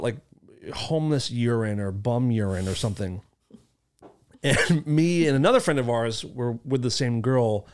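A man's voice: medium pitch, darkish tone. A man in his thirties hosting a casual podcast chat, telling crude funny stories and laughing along. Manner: crude joking storyteller, laughs often.

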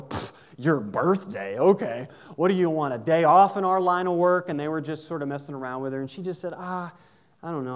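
A pastor telling a story in a sermon, getting lively when he quotes the people in it. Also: mid-range voice. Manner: animated retelling, voices rises for quoted lines.

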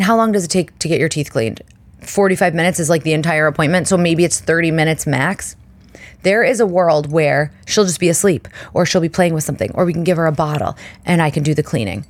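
A woman in her thirties hosting a podcast, telling a story in a chatty, animated way and acting out the people in it. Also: on the low side, dry recording. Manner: chatty and animated, acts out quoted voices. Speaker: podcast host. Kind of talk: casual storytelling monologue.

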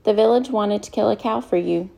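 A woman's voice: medium pitch, fairly quick, vocal fry, warm tone. A woman narrator voicing a sick, frail older father in a storybook, speaking tenderly and earnestly. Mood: solemn.

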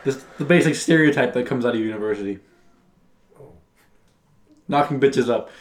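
A man's voice: mid-range voice, moderate pace, echoey room. A young man in casual chat, teasingly asking a friend crude questions.

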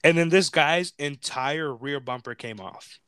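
A man's voice: a little high, a little slow, sharp tone, smooth, dry recording. A man in his twenties hosting a podcast, telling a rambling story in casual chat, swearing often and filling with "like". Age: 20s. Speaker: podcast host.

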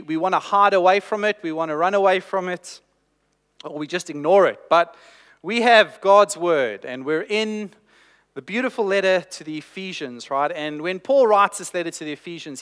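A man's voice: high voice, fairly bright tone, clean tone, in a large hall. A man preaching a sermon, telling a personal story with self-deprecating humor.

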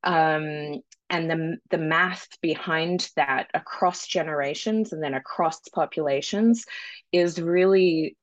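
Low-voiced Australian woman, dry recording. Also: takes it slowly, dry recording. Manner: friendly, laughs easily, thoughtful explanations. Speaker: guest, founder and geneticist. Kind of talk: casual interview chat. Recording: dull lo-fi dry sound.

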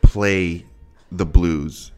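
A man's voice: low-pitched, fairly even intonation, very slow, smooth, soft background music. A man co-hosting a podcast, talking casually in a rambling way with emphatic bursts. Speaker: podcast co-host. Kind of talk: casual chat.

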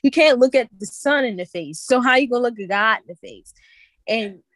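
A young woman earnestly recounting a vision in halting, repetitive casual speech. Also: a little high, expressive, dry recording. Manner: earnest, halting, repeats herself. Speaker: guest sharing a vision. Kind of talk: casual testimony.

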